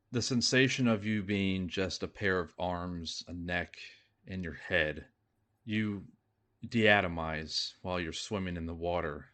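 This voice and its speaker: A man serving as game master, narrating a tabletop role-playing scene in a measured, descriptive way. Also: sits low, a bit bright. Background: background music.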